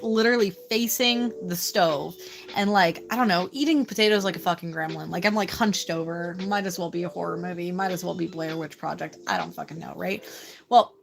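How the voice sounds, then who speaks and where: A woman hosting a casual livestream, telling a story with lots of swearing and animated outbursts. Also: lowish voice, fairly quick, vocal fry. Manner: animated, profane, laughing storyteller. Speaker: livestream host.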